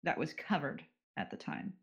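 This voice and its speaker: A man's voice: moderate pace, a bit bright, lo-fi sound. Rambling man telling a story. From California. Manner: storytelling with many fillers and restarts. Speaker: podcast co-host. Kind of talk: casual chat.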